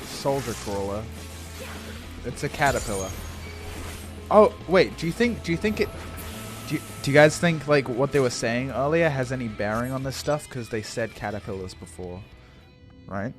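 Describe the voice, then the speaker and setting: A man's voice: mid-range voice, lively intonation, moderate pace, long pauses. A young man streaming a game, chatting casually, swearing, laughing and stumbling over words. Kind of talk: live game stream chat. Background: faint game music.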